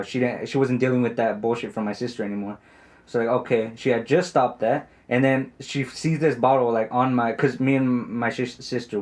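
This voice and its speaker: A man's voice: medium pitch, darkish tone. A man in his twenties, a podcast co-host telling a story in casual chat, rambling with many fillers and lots of swearing. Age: 20s.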